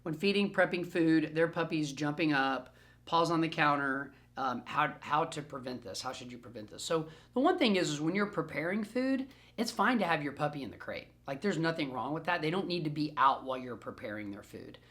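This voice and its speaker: A man who trains dogs, answering questions in a recorded group session in an animated, playful way and repeating phrases for emphasis. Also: fairly high pitch, a little fast. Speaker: dog trainer. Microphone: self-recorded camera.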